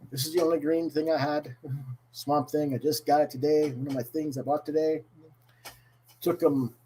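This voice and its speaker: A male host chatting casually about his week's comic book haul in a deliberately bad, exaggerated put-on Irish accent, with frequent "mm-hmm" fillers. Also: on the high side, fairly even intonation, warm tone, a little hiss or hum, low-quality recording.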